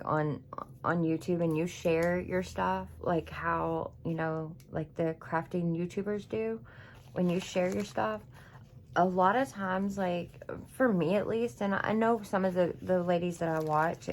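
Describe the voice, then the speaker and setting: A woman's voice: on the low side, a little hiss or hum. A woman chatting in her home craft room, gushing and emotional as she unboxes craft supplies for viewers. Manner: gushing, emotional, chatty, says y'all a lot. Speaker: craft YouTuber. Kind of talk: casual craft unboxing vlog.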